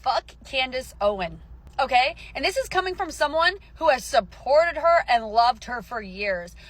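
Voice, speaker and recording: Woman, military mom, heated profane rant, high pitch, very animated pitch. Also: normal speed. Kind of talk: angry vlog rant.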